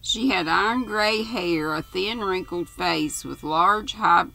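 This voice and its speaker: Older woman host reading a novel aloud, slow and gravelly, casual asides. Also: fairly low pitch, bright, forceful tone. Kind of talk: storybook reading.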